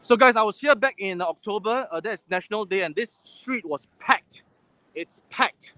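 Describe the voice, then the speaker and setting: A man with a Singaporean English accent, hosting a livestream while walking a city street. His voice sits high for a man, and he rambles with fillers and restarts as he talks into a handheld phone. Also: normal speed, bright, forceful tone, no room sound. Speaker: livestream host. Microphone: phone held on a livestream.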